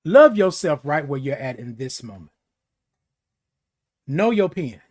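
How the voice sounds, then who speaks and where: A man delivers a motivational morning talk in a high voice that leaps up and down in pitch. He preaches in repeated phrases and throws in playful beeping noises. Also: sing-song, measured pace, a little mellow. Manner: preachy, repetitive, makes beeping sounds. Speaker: host. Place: seated in a chair.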